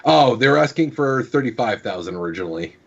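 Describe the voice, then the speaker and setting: A man's voice: medium pitch, expressive, fast talker, gravelly, fairly bright tone. Man explaining news over dull lo-fi audio. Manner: explaining with many fillers. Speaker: podcast co-host presenting news. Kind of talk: casual podcast chat.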